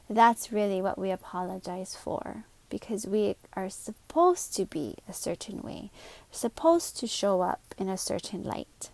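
A woman hosting a solo podcast, talking in an earnest, confiding way, with quick asides and slowed words for emphasis. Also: mid-range voice, vocal fry, a little mellow, no room sound. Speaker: podcast host. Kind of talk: reflective solo podcast monologue.

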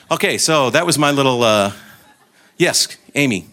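A man's voice: medium pitch, animated, normal speed, a bit bright. A man giving an informal talk to a group, telling anecdotes and joking, with frequent restarts. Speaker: guest speaker.

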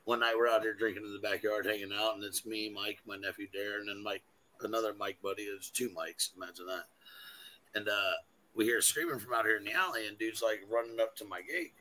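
Bright-voiced man telling rowdy stories. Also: on the low side, fairly even intonation, fairly quick, a little hiss or hum, poor audio. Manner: profane, rambling storyteller. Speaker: podcast guest. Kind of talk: casual chat.

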